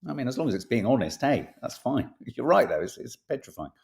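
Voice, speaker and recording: A man's voice: mid-range voice, very animated, brisk, gravelly, a little mellow. A man hosting a casual podcast, reading tabloid stories aloud with playful emphasis and jokey asides, swearing now and then.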